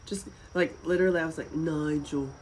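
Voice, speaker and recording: A woman's voice: sits low, normal speed, a little hiss or hum, low-quality recording. A woman from North Carolina with a Southern accent, chatting casually and rambling on a livestream. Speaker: livestream host.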